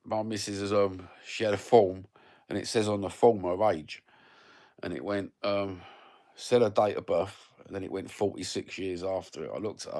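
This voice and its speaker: Reading viewer comments on his livestream, a man in his 50s banters in a sweary, blokey, rambling way with plenty of fillers. His low voice is steady and a little mellow, moving at a moderate pace.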